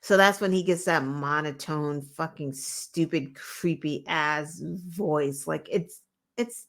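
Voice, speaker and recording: Slow-talking, exasperated female co-host. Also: low-pitched. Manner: laughing, exasperated, profane. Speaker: podcast co-host. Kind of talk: political commentary chat.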